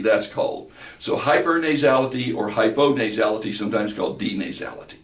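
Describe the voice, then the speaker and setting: A man with a bass voice speaks at an ordinary middle pitch, lecturing as a voice trainer in a steady, explanatory way. He stops now and then on small fillers. The sound is roomy and echoing, picked up from some distance off the mic. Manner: measured, explanatory, with occasional filler hesitations. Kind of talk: instructional lecture.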